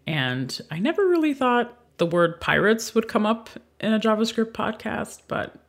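A woman's voice: a little high, very animated, moderate pace. A woman panelist recapping favorite podcast moments in a bubbly, laughing, casual way.

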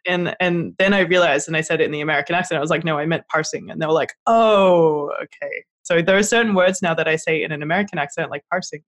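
A woman's voice: sits low, steady tone, racing, hardly any pauses, fairly bright tone. A woman from Australia with an Australian accent, a podcast panelist chatting casually and laughing at herself. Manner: self-deprecating, laughs at herself.

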